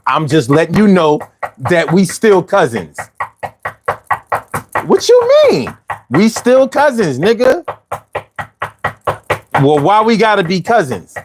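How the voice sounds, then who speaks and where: A man's voice: a little high, expressive, normal speed, noisy background, close to an everyday voice. A man voicing old aches as a pestering male cousin who talks in slangy, rhythmic lines.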